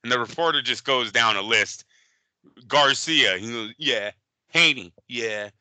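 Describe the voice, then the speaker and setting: A man co-hosting a boxing podcast in casual chat, animated and profane, often slipping into quick impressions. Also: mid-range voice, clean tone, dry recording, poor audio. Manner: animated, profane, impersonates fighters. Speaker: boxing show co-host.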